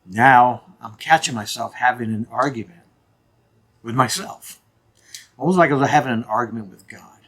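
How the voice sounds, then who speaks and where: Husky-voiced man in his fifties. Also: medium pitch, moderate pace, fairly bright tone. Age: 50s. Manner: earnest, emphatic storyteller. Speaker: channel host. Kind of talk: personal storytelling vlog.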